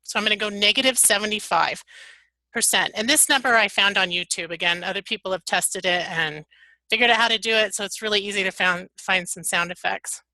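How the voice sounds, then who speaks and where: A woman presenting a software tutorial webinar, walking through the steps one at a time. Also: mid-range voice, steady tone, a little fast, no room sound, rough recording. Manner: upbeat step-by-step instructions.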